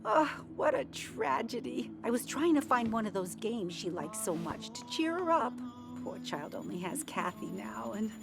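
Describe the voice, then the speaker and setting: A woman's voice: on the high side, big pitch swings, normal speed, creaky. A woman voicing a talkative, gossiping middle-aged townswoman in video game dialogue, pitying and chatty. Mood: gossipy. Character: chatty gossiping small-town godmother woman. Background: game music.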